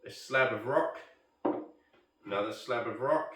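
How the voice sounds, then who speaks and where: A man's voice: mid-range voice, a little slow, pauses often, heavy background noise. A man with an Australian accent chatting casually and self-deprecatingly about his bonsai hobby in a backyard shed. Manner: laid-back, self-deprecating, rambling. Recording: roomy echo, mic at a distance.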